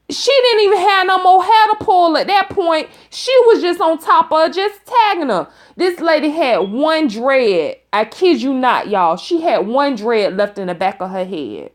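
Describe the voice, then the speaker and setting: A woman telling a dramatic story to her viewers, emphatic and repeating lines for effect, with folksy exclamations. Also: high voice. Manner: folksy terms of address, exclaims. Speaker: storytime vlogger.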